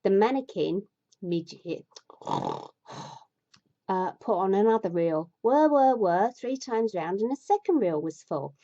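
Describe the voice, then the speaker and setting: A woman's voice: mid-range voice, expressive, unhurried, long pauses, warm tone. A woman reading a fairy tale aloud, breaking off into exasperated, sweary asides, with a dull lo-fi sound. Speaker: storyteller.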